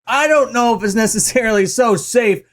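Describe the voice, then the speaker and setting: Sarcastic high-voiced male commentator. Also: a little fast, a bit bright. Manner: sarcastic, mock-confrontational. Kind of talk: casual commentary vlog.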